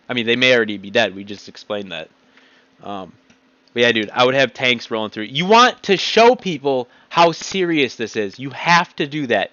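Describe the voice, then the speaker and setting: A man's voice: medium pitch, a bit bright, no echo. A man in an agitated, blunt ranting monologue, speaking straight to his computer. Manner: blunt, agitated, heavy swearing. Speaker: vlogger. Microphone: home computer mic. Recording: dull lo-fi dry recording.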